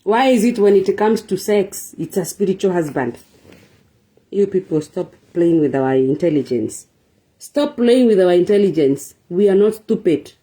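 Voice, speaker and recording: A woman's voice: fairly low pitch, expressive, normal speed, dark tone. A woman hosting a relationship talk show, lecturing her viewers with rhetorical questions and emphatic repetition. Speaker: show host. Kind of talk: preachy relationship talk monologue.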